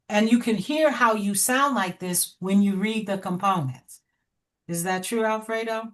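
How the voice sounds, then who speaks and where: A middle-aged woman educator giving feedback over a video call. She talks directly and encouragingly, often breaking into a laugh. Her voice sits at an ordinary pitch for a woman. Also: measured pace. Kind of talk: online class feedback.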